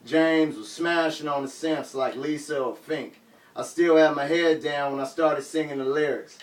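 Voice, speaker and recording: Male spoken-word poet, slightly high voice, rhythmic rap-style phrasing, live reading in a bookshop, caught by a room mic from a distance. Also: steady tone, moderate pace. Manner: rhythmic, rap-like delivery with sudden loud shouts. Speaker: poet reading his work. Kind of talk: live performance reading of poetry and prose. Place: bookshop reading in front of an audience. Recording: roomy sound, mic far off.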